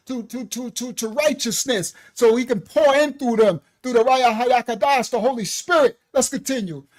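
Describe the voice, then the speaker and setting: Man, bible teacher, livestream lesson, lively exclamations, casual asides, own microphone. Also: very high voice. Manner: energetic, breaks into exclamations and colloquial asides.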